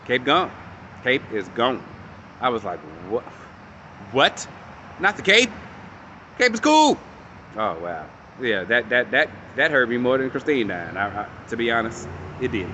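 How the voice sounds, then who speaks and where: A man casually recapping and reviewing a show episode, animated and storytelling, acting out characters' lines and swearing freely. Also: medium pitch, highs cut off, slight background noise.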